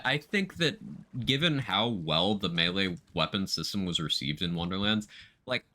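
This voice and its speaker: A man's voice: low-pitched, bright, forceful tone. A man streaming a video game, chatting casually about gear and reading out viewer comments as he plays. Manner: chatty, reads out viewer chat while playing.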